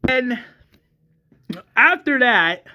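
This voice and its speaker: A movie reviewer ranting in an exasperated, excitable way, stumbling over restarts and swearing often. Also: sits high, extremely slow, highs cut off.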